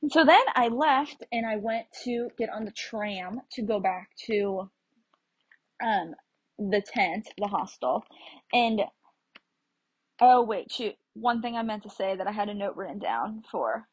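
Chatty young American woman, husky. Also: mid-range voice, expressive, unhurried, dry recording, low-quality recording. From United States. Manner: chatty, rambling with fillers and restarts. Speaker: travel vlogger. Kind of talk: casual travel storytelling.

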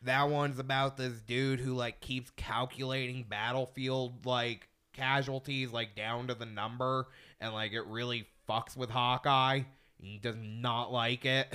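A man hosting a casual podcast chat, an animated storyteller who swears freely. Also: mid-range voice, measured pace, few pauses, clear, resonant tone. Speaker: podcast host.

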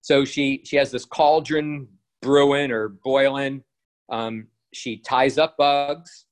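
A man's voice: medium pitch, steady tone, slow pace. Rambling man full of ums. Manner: rambling, hesitant, many fillers and restarts. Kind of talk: casual retelling monologue.

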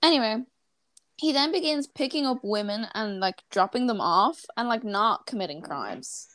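A woman hosting a podcast, telling true-crime stories in animated casual chat, laughing often and swearing freely. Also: a little high, normal speed. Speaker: podcast host.

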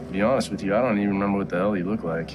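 An actor playing a bitter former cop speaking quietly and ruefully. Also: male voice, lowish voice, very fast, close to an everyday voice. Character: bitter ex-cop man, estranged from his father. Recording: film clip with steady noise.

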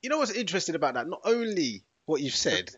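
A man co-hosting a laid-back chat, talking in a relaxed and reflective way. His voice is slightly husky. The recording is dry and a little muffled. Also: a little high, fast talker, dry recording. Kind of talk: casual chat.

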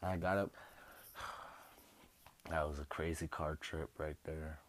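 A man's voice: very deep voice, steady tone, slow pace, slight background noise. Laid-back young man telling stories. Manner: rambling, laughing, swears casually. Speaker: host. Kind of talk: casual storytelling.

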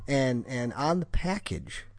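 A man from Wisconsin chatting on a podcast, his pitch rising and falling freely as he tells a story. He restarts his sentences often and rambles along casually. The sound is close and dry. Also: very animated, slow pace, no room sound. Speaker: podcast co-host. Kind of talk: casual chat.

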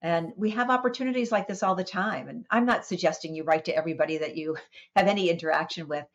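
A woman, a wellness coach, telling a personal story in a podcast interview with lively expression and small restarts. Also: lowish voice, fast talker, highs cut off.

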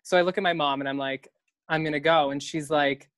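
A man's voice: a little high, steady tone, quick pace, fairly bright tone, clear, resonant tone, no echo. A young man and drag performer telling a story in casual conversation, swearing freely, laughing often, acting out the voices of the people in it.

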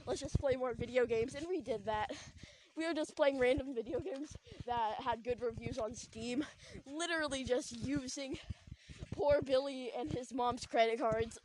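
A woman's voice: sits high, normal speed, a little mellow, slight background noise, rough recording. A young woman hosting a podcast, telling a story in a rambling casual way full of likes and ums, recorded outdoors at night. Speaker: podcast host. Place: outdoors at night, sitting on a trampoline.

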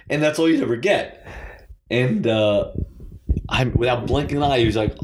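Low-voiced man, blunt and candid. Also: animated, normal speed. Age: late 20s. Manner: candid, swearing, lots of "like". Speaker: guest, CrossFit coach. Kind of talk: casual interview.

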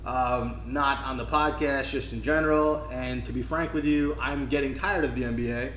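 A man's voice: mid-range voice, steady tone, normal speed, a bit bright. A young man co-hosting a casual sports podcast, talking bluntly and ranting with swearing. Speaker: podcast co-host. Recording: echoey room with faint background noise.

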